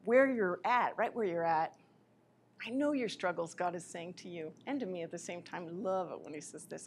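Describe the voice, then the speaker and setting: A woman giving a live spiritual lecture in an impassioned way, her voice swinging between soft, quiet passages and sudden loud ones. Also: lowish voice, moderate pace, slight background noise.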